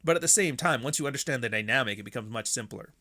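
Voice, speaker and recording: Male host, bright forceful tone, blunt and profane, casual commentary delivery. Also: mid-range voice, expressive, quick pace. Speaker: podcast host.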